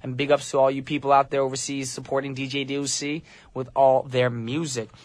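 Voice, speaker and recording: Man, radio DJ, casual joking chat, dry studio mic, mid pitch. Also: flat delivery, fairly quick, no echo. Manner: upbeat, joking, reads listener messages.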